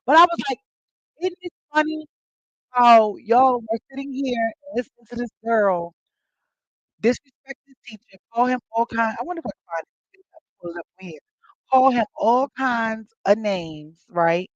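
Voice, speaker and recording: A woman's voice: fairly high pitch, animated, moderate pace, dry recording, highs cut off. A woman hosting a casual chat with her audience, telling stories animatedly and acting out quoted lines with big jumps in her voice. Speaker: host.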